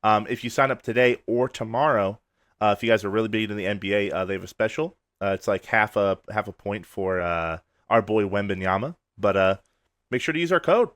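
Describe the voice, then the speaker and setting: A man co-hosting a podcast, relaxed and jokey, with lots of "uh" fillers. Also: on the low side, brisk, no echo, clean studio sound. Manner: laid-back, filler-heavy, jokey. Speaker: podcast co-host. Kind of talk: casual podcast chat and sponsor read.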